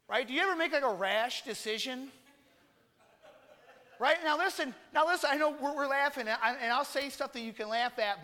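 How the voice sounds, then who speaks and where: A man with a very high, bright voice delivers a casual, joking sermon, stressing his points with emphasis. The sound rings out with a long reverb in a large church hall. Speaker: preacher. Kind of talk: conversational sermon.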